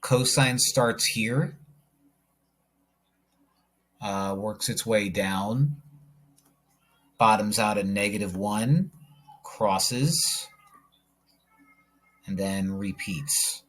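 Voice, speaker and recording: A male math teacher with a slightly husky voice works through problems in an unhurried way. He talks through each step as he draws graphs and drops in little jokes along the way. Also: on the low side, a bit bright. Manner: jokey, talks to himself while working problems. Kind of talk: video lesson while drawing graphs.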